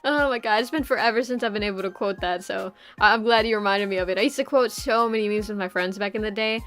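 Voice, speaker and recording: A woman's voice: medium pitch, steady tone, quick pace, a bit bright, faint music behind. A young woman streamer chatting casually, rambling with lots of fillers and frequent giggles. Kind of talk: casual live-stream chat.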